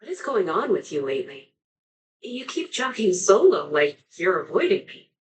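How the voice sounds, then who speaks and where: An actress voicing a worried, earnest young woman companion in a video game, anxious and quick to apologize. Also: mid-range voice, sing-song, lightly acted.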